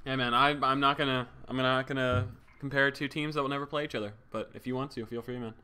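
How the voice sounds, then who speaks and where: Young man, game streamer, bright clear tone, goofy jokey chatter, thanks viewers. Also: mid-range voice, steady tone, fast. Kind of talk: casual livestream chat.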